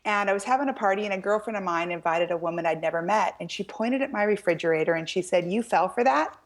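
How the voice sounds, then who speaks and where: Lively American woman telling a story. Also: fairly low pitch, fast talker. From United States. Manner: lively, quotes people in animated voices, laughs often. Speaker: author guest. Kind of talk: storytelling in a talk-show interview.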